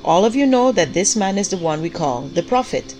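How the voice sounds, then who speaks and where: A woman's voice: fairly low pitch, big pitch swings, fairly quick, darkish tone, soft background music. A woman reading aloud and voicing a determined churchgoing mother who speaks in a matter-of-fact, slightly breathless way. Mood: earnest.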